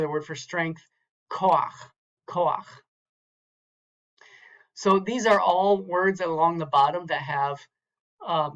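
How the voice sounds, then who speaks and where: A man's voice: fairly high pitch, fairly bright tone, dull audio. A man teaching a recorded lecture from slides, carefully sounding out words syllable by syllable and repeating them. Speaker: Hebrew teacher.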